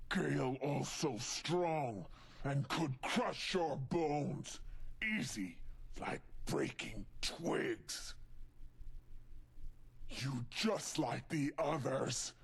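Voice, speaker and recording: An actor voices a hulking, angry male mutant brute in a video game, speaking bluntly in broken grammar. The gravelly, husky voice is fairly high and exaggerated, gruff and threatening, delivered slow and heavy.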